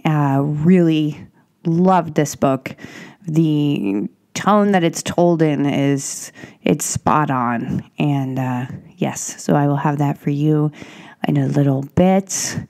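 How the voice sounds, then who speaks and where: Woman, podcast host, low voice, congested, breathy, scratchy throat, rambling monologue. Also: takes it slowly, darkish tone. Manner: rambling, self-reflective, many restarts.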